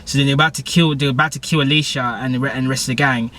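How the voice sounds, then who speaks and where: A man's voice: medium pitch, fairly even intonation, racing, bright, forceful tone, slight background noise. A young man, recapping a TV episode in casual, rambling slang. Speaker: TV episode reviewer.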